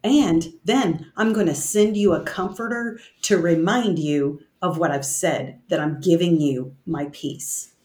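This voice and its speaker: Woman, lowish voice, slow and halting, reading and reflecting on scripture, roomy echo. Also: a little mellow. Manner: slow, halting, reads scripture aloud with many restarts. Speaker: bible study co-host. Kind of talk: casual bible study discussion.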